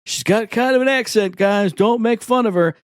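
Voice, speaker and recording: A man's voice: high-pitched, moderate pace, clear, resonant tone, dry recording, studio quality, pitched above the performer's own voice, natural voice. A man putting on a chirpy Midwest sitcom woman. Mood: pleading. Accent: Midwestern (put on).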